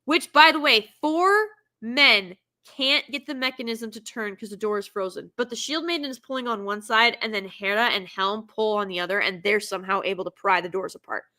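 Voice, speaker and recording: A woman's voice: mid-range voice, brisk, sharp tone. A woman giving a casual film reaction review, sarcastic and exasperated as she rants.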